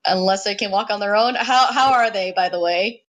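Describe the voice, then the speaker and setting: A woman's voice: mid-range voice, normal speed, fairly bright tone. A woman playing a tabletop game with friends, chatty and often laughing. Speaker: player. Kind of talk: casual chat in a tabletop game.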